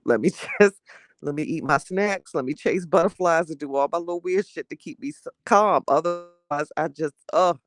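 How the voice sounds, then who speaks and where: A woman hosting a casual morning livestream, chatting with her viewers and reading their messages. She gets heated and animated fast and laughs between her rants. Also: low voice, dry recording, clean studio sound. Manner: chatty, talks straight to the audience.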